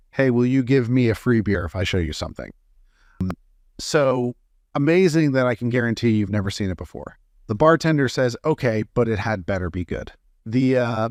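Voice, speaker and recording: A man with a somewhat low voice reads jokes aloud in a plain, unhurried storytelling manner. He stumbles now and then with "uh" fillers. The recording is dry and close, with no room sound. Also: no echo. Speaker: joke reader.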